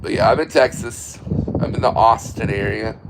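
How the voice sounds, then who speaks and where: A man's voice: fairly low pitch, normal speed, gravelly. American guy rambling on a livestream from his porch, reading out comments, wind blasting the phone mic, cars off somewhere. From United States. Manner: rambling, answers viewer comments aloud. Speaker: livestream host. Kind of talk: casual late-night livestream chat. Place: outdoors on a windy porch at night.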